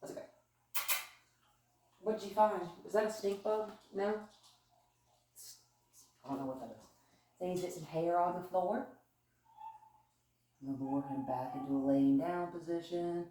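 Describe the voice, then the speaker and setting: A woman with a fairly low voice talks through a dog training session in a chatty, upbeat way. She sounds far from the mic, in a very echoey living room. A faint hiss sits under her voice. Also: unhurried, long pauses, warm tone. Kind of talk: casual training demonstration. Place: living room at home with a couch.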